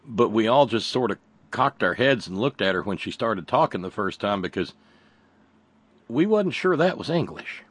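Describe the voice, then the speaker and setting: A man hosting a radio call-in show, chatting in a halting, wry way and often repeating his words. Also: on the low side, big pitch swings, slightly rough, no echo. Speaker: radio talk show host. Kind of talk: casual call-in chat.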